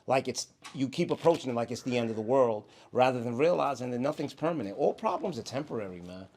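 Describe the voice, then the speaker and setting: A man's voice: medium pitch, lively intonation, fast, darkish tone, slight background noise. A man with a New York accent, co-hosting a podcast in casual chat, laid-back and laughing at his own stories. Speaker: podcast co-host.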